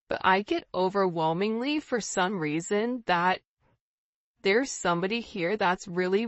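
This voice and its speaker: A woman's voice: medium pitch, dry recording, lo-fi sound. A woman giving a casual, intuitive tarot reading, repeating words for emphasis. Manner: intuitive, repetitive, casual phrasing. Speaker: tarot reader.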